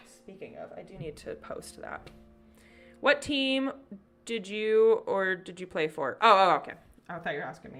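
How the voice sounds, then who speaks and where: A woman's voice: on the low side, expressive, unhurried, long pauses, bright, forceful tone, soft background music. A young woman chatting casually and giggling with her viewers on a live stream.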